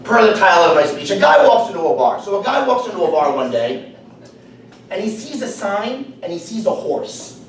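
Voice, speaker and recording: Guy doing a funny club speech, chatty joke teller, kinda high voice, far off in an echoey room w faint hum. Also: very animated, normal speed. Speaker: club speaker. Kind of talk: humorous speech. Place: meeting room.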